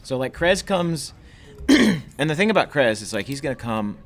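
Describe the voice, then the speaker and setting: A man's voice: fairly high pitch, very animated, normal speed. A man co-hosting a comedy show, riffing with rambling, hammy asides. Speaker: show host.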